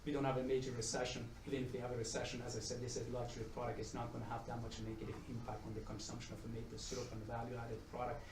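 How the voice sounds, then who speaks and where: An economics professor gives a conference presentation to an audience, his medium-pitched voice flat and rapid-fire with few pauses. The mic is far off in an echoey room, with background noise. He's chatty, tells jokes, and often repeats or restarts words.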